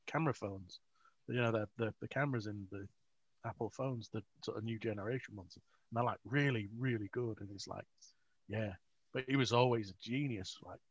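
A man's voice: lowish voice, dark tone, breathy edge, no room sound. A man, an author, telling rambling, self-mocking stories with frequent laughs in a casual interview. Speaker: author, guest. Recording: dry, dull lo-fi audio.

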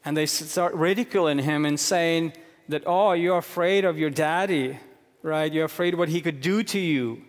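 A man preaching a sermon with a somewhat high voice. He swings from hushed, low passages to raised, emphatic questions. His words ring out with a long reverb, as in a large church hall. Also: moderate pace. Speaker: pastor.

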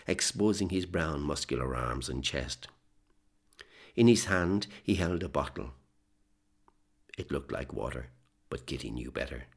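A man reading a novel aloud in steady, measured narration. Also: a bass voice, creaky, slightly rough. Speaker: audiobook narrator. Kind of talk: scripted narration.

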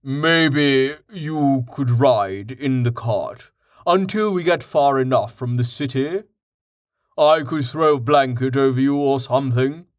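Casting: measured, proper companion, male narrator, steady tone, dry close mic. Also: medium pitch, dry recording, lightly acted.

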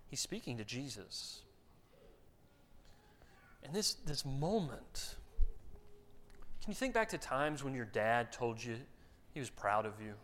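Conversational male preacher, higher voice. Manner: conversational, repeats words when starting sentences; acts out quoted voices for emphasis. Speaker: pastor. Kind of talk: sermon.

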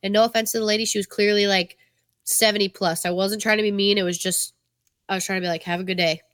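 A woman's voice: medium pitch, flat delivery, quick pace, fairly bright tone, dry recording, studio quality. A woman from New England co-hosting a podcast, telling candid stories and swearing casually. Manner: candid, swearing, chatty storyteller. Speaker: podcast co-host.

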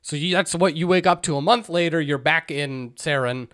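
A man co-hosting a casual podcast, retelling a game's story with profane, sarcastic asides and quick put-on quotes. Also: fairly high pitch, fairly bright tone. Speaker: podcast co-host. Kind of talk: casual chat recapping a game plot.

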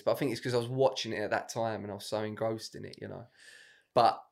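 A man hosts a comedy podcast in a loose, chatty way. He talks with strong opinions at a medium pitch. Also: steady tone, brisk, vocal fry. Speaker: podcast host. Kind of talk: casual comedy chat.

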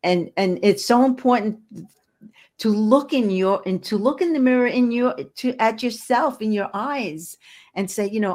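A woman with a somewhat high, slightly mellow voice speaks at an ordinary pace. She is a podcast guest, an energy healer and hypnotherapist, talking earnestly and encouragingly in an interview and often restarting her sentences.

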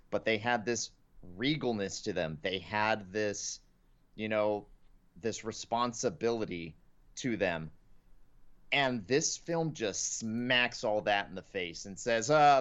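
A man's voice: mid-range voice, lo-fi sound. A man co-hosting a podcast in casual chat, complaining with sarcastic, mocking asides. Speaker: podcast co-host.

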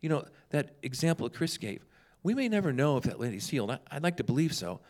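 A man's voice: fairly high pitch, fast talker. A man chatting casually, telling humorous stories and acting out the people in them. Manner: humorous, animated storyteller who acts out dialogue. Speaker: guest telling ministry stories. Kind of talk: casual storytelling chat.

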